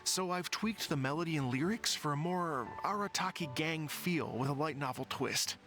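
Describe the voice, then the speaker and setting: A man voicing a calm, earnest musician who organizes a rock festival and announces its acts in a game. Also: fairly high pitch, moderate pace, soft background music.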